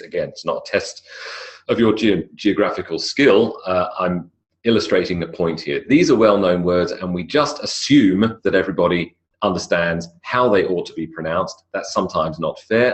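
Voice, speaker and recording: A man with an Australian accent giving a recorded pronunciation lecture, explaining in a relaxed way with fillers and self-corrections. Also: low-pitched. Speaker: English pronunciation teacher.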